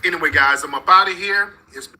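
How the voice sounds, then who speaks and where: A man's voice: high voice, fairly quick, sharp tone, rough recording. A man from North Texas hosting a reaction commentary, talking bluntly and heatedly straight to his viewers. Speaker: commentary channel host.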